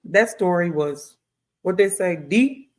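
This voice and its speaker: A woman's voice: on the low side, slow pace. A woman hosting a talk show, chatting casually and reading out viewer comments. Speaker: host.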